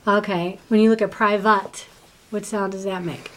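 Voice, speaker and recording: A woman's voice: mid-range voice, steady tone, normal speed. A woman teacher giving a one-on-one reading lesson, patient and full of prompting questions.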